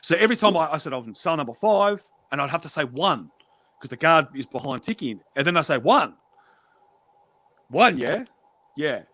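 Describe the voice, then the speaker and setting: A man's voice: a little high, very animated, normal speed, long pauses, fairly bright tone, dry recording. A man telling prison stories on a stream in a blunt, profane way, acting out the exchanges he quotes. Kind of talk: casual storytelling.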